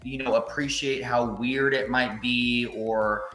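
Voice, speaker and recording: A man co-hosting a casual film discussion podcast, speaking in a measured, agreeable way with many fillers. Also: medium pitch, steady tone, a bit bright, soft background music. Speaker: podcast co-host. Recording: roomy echo.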